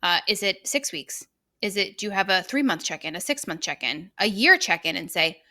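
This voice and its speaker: Bright, emphatic woman podcast co-host. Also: medium pitch, animated, fairly quick. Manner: emphatic, motivational, repeats phrases for effect. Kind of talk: casual conversational podcast.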